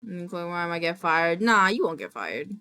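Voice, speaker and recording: A woman streamer chatting casually with her viewers, animated and quick to laugh and apologize. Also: lowish voice, clear, resonant tone.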